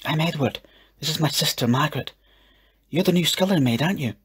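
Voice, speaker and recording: A man voicing a boastful, eager young boy who talks in an excited stage whisper. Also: on the high side, fast, breathy edge, pitched above the performer's own voice.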